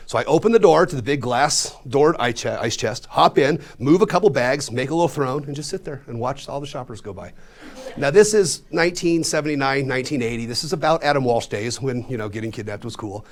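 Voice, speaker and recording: A man's voice: mid-range voice, fairly quick. A man in his fifties from Colorado, a magician telling a funny personal story to a live audience in a room. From Colorado, USA. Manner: animated, self-mocking.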